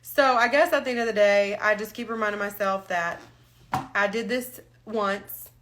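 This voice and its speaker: A woman's voice: medium pitch, steady tone, normal speed, fairly bright tone, a little hiss or hum. A woman talking candidly on a live stream, frank and emotional, holding back tears. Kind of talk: casual live-stream talk. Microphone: phone or webcam on a live stream.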